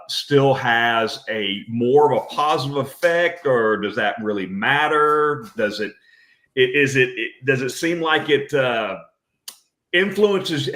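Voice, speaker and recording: A man hosting a casual podcast chat, talking in a rambling way with plenty of restarts and fillers. His mid-pitched voice carries a roomy echo around it, as if recorded in an open room. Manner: rambling, warm-hearted with many restarts. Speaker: podcast host.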